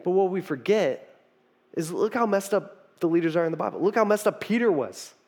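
A young male pastor with a high-pitched voice preaches in an easygoing, chatty style. He tells the story loosely, trailing off and restarting his phrases as he goes. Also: expressive, fairly quick, a little mellow. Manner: casual storytelling with fillers and restarts. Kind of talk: conversational sermon.

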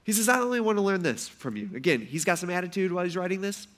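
A man preaching a sermon in a casual, animated way, acting out quotes loudly before a congregation. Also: sits high, fast. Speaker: pastor. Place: church hall before a congregation.

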